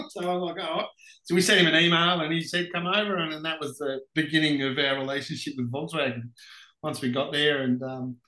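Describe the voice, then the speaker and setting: Australian male guest, animated storyteller, bright tone, roomy sound. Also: fairly high pitch. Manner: animated anecdotes, laughs often. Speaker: podcast guest, racing driver. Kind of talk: casual storytelling interview. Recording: roomy echoey room.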